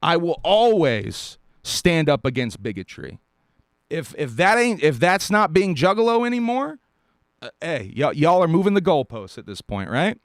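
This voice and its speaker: A man's voice: fairly high pitch, sing-song, moderate pace, dry recording, clean studio sound. Blunt, profane man ranting on a stream. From South Carolina. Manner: blunt, profane, emphatic with short laughs. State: dry mouth. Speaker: podcast host. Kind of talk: live-stream commentary rant.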